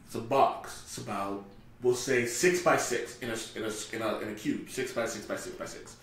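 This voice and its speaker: A man hosting a casual podcast, telling stories in an animated way and acting out what people said. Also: lowish voice, moderate pace. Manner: animated storyteller, acts out dialogue, swears freely. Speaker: podcast host. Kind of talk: casual storytelling chat. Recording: very echoey room, a bit off mic.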